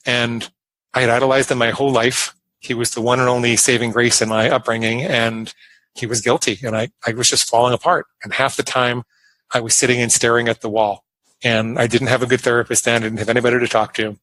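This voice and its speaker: A man's voice: mid-range voice, sharp tone, lightly acted, rough recording. A man speaking as his remorseful mother, confessing in a confessional manner. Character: anxious grieving mother recalling the past.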